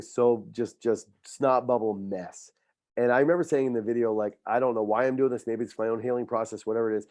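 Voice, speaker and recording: Middle-aged coach, earnest and heartfelt, mid-pitched, dry close sound. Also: male voice, a little mellow, no echo. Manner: heartfelt, faith-filled, repeats words when moved. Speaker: high school football coach and teacher. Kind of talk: emotional podcast interview.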